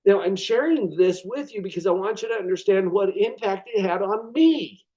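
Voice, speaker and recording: A man with a fairly high voice delivers a motivational lecture. He is expressive and dramatizes his points, leaning on deliberate pauses before key words. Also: rough recording. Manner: expressive, dramatizes with acted inner thoughts. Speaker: presenter of a web class.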